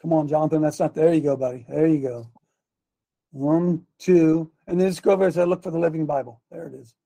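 A man's voice: a little high, fairly even intonation, brisk, vocal fry. A man preaching a fiery sermon, emphatic and sarcastic, reading scripture and calling out to the tech crew. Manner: shouting, emphatic, sarcastic asides. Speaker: pastor.

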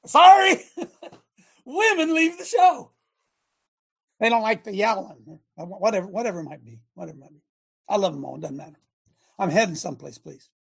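A middle-aged man hosting a talk show, speaking in an animated, emphatic way with lots of repetition. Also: high voice, fast, creaky, breathy edge. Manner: animated, emphatic, repeats himself, often laughs. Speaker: show host. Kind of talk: casual talk show monologue.

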